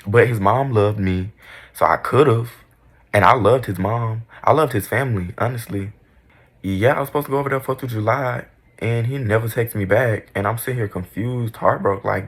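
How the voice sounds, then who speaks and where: A man's voice: fairly low pitch, normal speed, breathy edge. A young man in casual storytime mode, candid, profane and dramatic about his own past. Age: young adult. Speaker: vlogger.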